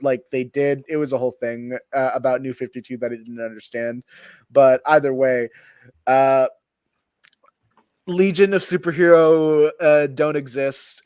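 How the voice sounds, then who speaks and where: A man's voice: mid-range voice, a little mellow, no room sound. A man hosting a casual group chat about comics, rambling with lots of fillers and frequent laughter. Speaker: podcast host.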